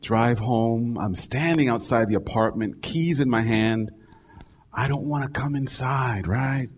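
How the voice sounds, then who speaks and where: A man's voice: mid-range voice, a little slow, slight background noise. Preacher guy telling his own story, chatty, keeps going "right?" at the crowd. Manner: conversational, keeps asking "right?". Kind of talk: storytelling sermon.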